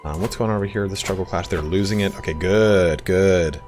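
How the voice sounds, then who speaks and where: A man streaming a strategy game, chatty and relaxed, often saying "dude". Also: deep voice, brisk, soft background music. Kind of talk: casual gaming commentary.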